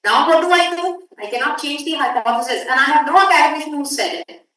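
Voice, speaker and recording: A woman teaching a workshop, lecturing students and briskly telling them to hurry up. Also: sits high, animated, fairly bright tone. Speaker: workshop instructor. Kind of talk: classroom lecture. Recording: echoey room audio from far off.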